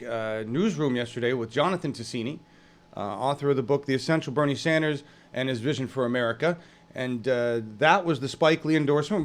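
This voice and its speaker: A man hosting an online news stream in casual live talk, rambling and halting with many fillers as he greets viewers from the chat. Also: mid-range voice.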